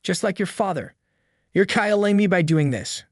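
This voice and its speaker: A man's voice: high voice, lively intonation, moderate pace, no room sound, studio quality, voice pushed up. A man voicing a manipulative middle-aged mother who guilt-trips her grown daughter with pleading words.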